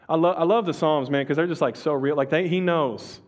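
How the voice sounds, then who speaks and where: The sermon comes from a male pastor whose pitch is fairly high. He keeps it conversational and laid-back, restarting sentences and using slang, then lowers to a slow whisper-like hush for emphasis.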